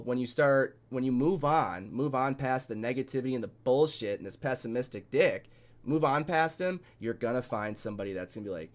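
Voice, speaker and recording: A man's voice: mid-range voice, brisk. A man in a casual podcast chat, talking bluntly and rambling with plenty of swearing.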